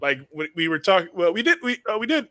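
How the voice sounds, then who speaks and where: A man hosting a comedy podcast, telling stories with animated laughter. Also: high-pitched, fast talker, no echo. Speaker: podcast host. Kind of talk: casual comedy podcast chat.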